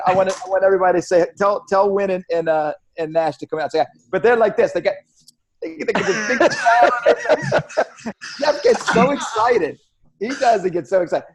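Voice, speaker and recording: A man's voice: sits high, fast, a crowd in the background. A man hosting a radio talk show, joking and rambling with frequent restarts. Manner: rambling, jokey, stumbles and restarts. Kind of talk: casual chat.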